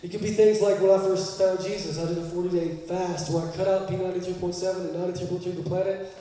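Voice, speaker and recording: A pastor delivers a sermon in a high, mellow voice. He moves between emphatic, repeated points and loose joking asides. The sound is roomy, with a long church-hall reverb and the mic set well back from him. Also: little pitch movement, quick pace, recorded from a distance.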